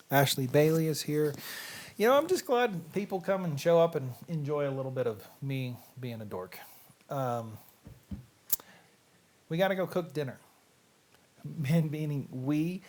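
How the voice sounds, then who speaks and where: A man's voice: mid-range voice, darkish tone. A middle-aged man with a Southern US accent, hosting a casual, rambling livestream chat in a self-deprecating way. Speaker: host.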